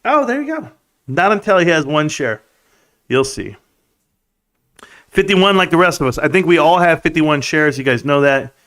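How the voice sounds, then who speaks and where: A man's voice: fairly high pitch, animated, normal speed, pauses often, a bit bright. A man hosting a casual livestream from a room at home, reading out chat in a laid-back, chummy way and laughing often.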